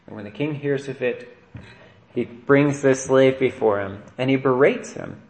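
A man's voice: mid-range voice, measured pace, a little mellow. Priest guy preaching casually, keeps asking "right?", roomy church echo. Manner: conversational preaching with frequent "right?" asides. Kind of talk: sermon. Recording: echoey church room.

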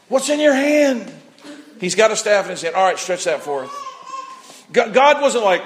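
High-voiced male preacher, animated storyteller, sermon. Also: moderate pace. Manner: animated storytelling, voices people, repeats words, shouts at peaks.

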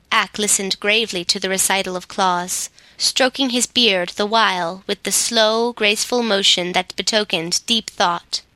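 A woman narrating a storybook chapter in a measured, deliberate reading. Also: medium pitch, bright, forceful tone, dry recording, low-quality recording. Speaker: audiobook narrator.

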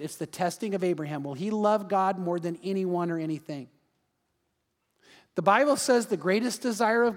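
Animated high-voiced pastor preaching. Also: male voice, big-room sound. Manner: animated, repeats words, conversational asides. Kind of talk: sermon.

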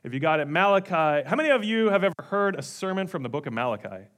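Male pastor, high voice, lively sermon storyteller. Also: fast talker. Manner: animated storytelling with sudden drops to quiet.

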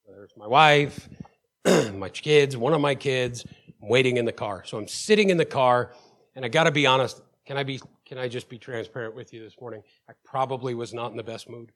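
A man's voice: mid-range voice, brisk, fairly bright tone. Emphatic male pastor telling a story. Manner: emphatic, with call-outs to the congregation; storytelling, stammers and repeats words. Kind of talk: sermon.

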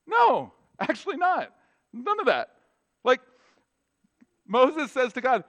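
A man, a pastor with children, preaching a sermon in a conversational, animated way and acting out short dialogues. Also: very high-pitched, slow pace, pauses often. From North America. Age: adult with children.

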